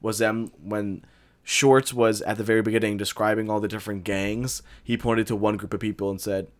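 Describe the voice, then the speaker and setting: A man's voice: on the low side, flat delivery, normal speed. A man casually reviewing a movie, blunt and swearing freely.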